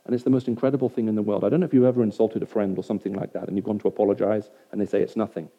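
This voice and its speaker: In a hall with about a hundred listeners, a man preaches a sermon conversationally, constantly asking whether it makes sense. He talks very fast in a steady, lowish voice, and the recording is dull and lo-fi.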